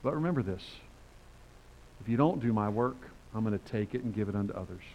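An older man preaching a sermon in a conversational, animated way, reading scripture and acting out quotes. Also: fairly low pitch, quick pace, dull audio, slight background noise.

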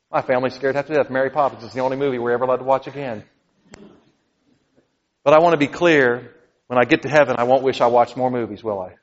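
A middle-aged man preaches as pastor, earnest and personal, dropping to quiet pleading and then rising to loud emphasis. His voice sits at a middle pitch. The sound is somewhat dull, with a long reverb from a hall. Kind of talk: sermon.

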